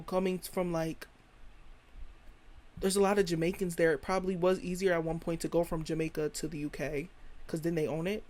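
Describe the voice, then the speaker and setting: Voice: mid-range voice, darkish tone. An American podcast host giving a rambling, opinionated solo monologue full of slang. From United States.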